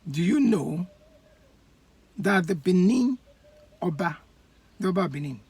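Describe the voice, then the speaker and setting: Husky, mid pitch, animated commentary, many fillers, laughing asides. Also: unhurried, no room sound. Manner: animated, laughing, acts out voices. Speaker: host. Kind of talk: commentary monologue with comic examples.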